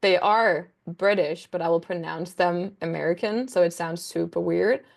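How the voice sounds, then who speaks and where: Gravelly low-voiced young woman. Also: moderate pace. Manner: rambling, enthusiastic, many fillers. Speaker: book content creator guest. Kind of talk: casual conversational interview.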